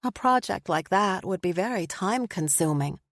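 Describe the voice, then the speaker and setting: A woman reading a first-person story aloud, expressive and lively. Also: lowish voice, moderate pace, no echo, studio quality. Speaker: audiobook narrator. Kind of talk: scripted first-person narration.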